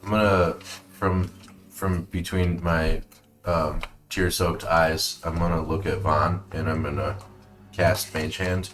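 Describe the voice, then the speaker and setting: A man playing a tabletop game, speaking in a halting way. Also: deep voice, flat delivery, a bit bright. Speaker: player.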